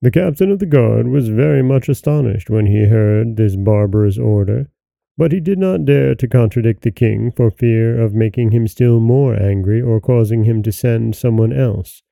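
A man narrating a fairy tale as a podcast host, in a measured, expressive way. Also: mid-range voice, vocal fry, dry recording. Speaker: storyteller host.

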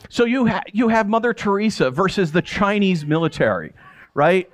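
A man giving a casual, animated Bible teaching, chatty and quick to laugh, full of rhetorical questions. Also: high voice.

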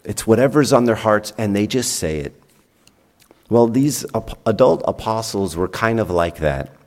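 A man's voice: lowish voice, lively intonation, normal speed, darkish tone, big-room sound. A man preaching a homily as a priest, chatting with the congregation through rhetorical questions and acted-out dialogue. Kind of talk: sermon. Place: church.

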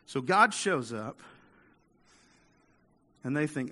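A man's voice: on the high side, animated, a little fast, a bit bright. A man preaching a conversational sermon as pastor, restarting words and acting out the voices of people in the story.

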